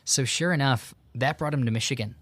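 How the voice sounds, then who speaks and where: A young man hosting a podcast, retelling a story in a relaxed, casual way with lots of fillers and quoted dialogue. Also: medium pitch, brisk, dry recording. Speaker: podcast host. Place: home in Tucson.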